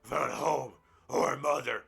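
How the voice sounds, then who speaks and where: A man's voice: medium pitch, fairly even intonation, normal speed, creaky, a bit bright, breathy edge. A man reading a book aloud in a game roleplay, breaking off into crude, profane, mocking asides. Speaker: gaming roleplay streamer.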